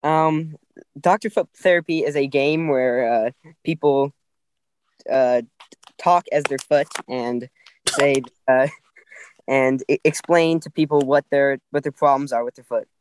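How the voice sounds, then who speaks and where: A man's voice: mid-range voice, fairly even intonation, clear, resonant tone, no echo. Hesitant male caller on a comedy podcast. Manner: hesitant, halting, full of ums. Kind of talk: call-in chat.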